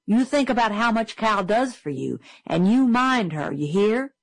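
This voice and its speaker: A woman voicing a stern middle-aged father in a storybook reading, firm and measured. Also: a little high, animated, dry recording, rough recording.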